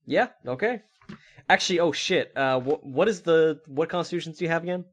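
A man running a tabletop game as game master, chatting casually and briskly moving things along. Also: fairly high pitch, slightly rough.

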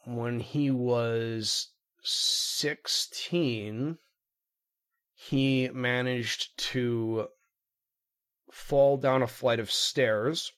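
A man casually chatting as a player in a tabletop game, hesitant and rambling with many pauses. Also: medium pitch, steady tone, a bit bright. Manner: rambling, hesitant, full of ums.

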